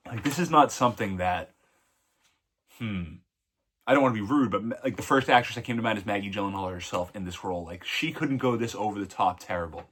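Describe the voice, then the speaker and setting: A man's voice: fairly low pitch, a little fast, pauses often, a bit bright. A man giving a casual, blunt film review, rambling and correcting himself mid-sentence. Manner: blunt and opinionated. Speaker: movie reviewer.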